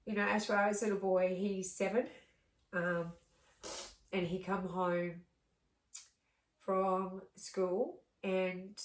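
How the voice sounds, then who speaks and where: A middle-aged woman talks to camera in a casual personal vlog. She rambles warmly, with plenty of fillers and restarts. Her voice is mid-pitched and comes from a distance in an echoey room. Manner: rambling and heartfelt, many fillers. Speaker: vlogger.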